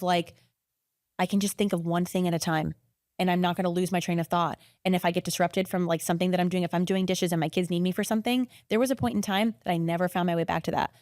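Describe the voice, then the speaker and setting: A woman in her thirties, a podcast guest, telling stories in a rapid, animated, casual way full of "like"s. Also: lowish voice, no echo, clean studio sound. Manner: rapid, animated, filler-heavy with many "like"s. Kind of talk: casual conversational storytelling.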